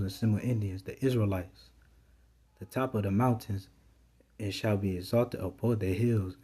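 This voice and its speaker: A man preaches from scripture in a low, mellow, slightly husky voice. He reads verses aloud and breaks up his teaching with a steady "all right" between phrases.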